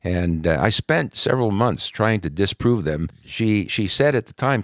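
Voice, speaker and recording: A man's voice: lowish voice, very animated, moderate pace, no room sound, clean studio sound. A man from New York, a podcast guest, telling his personal testimony in a conversational way with frequent "uh" fillers. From New York, USA.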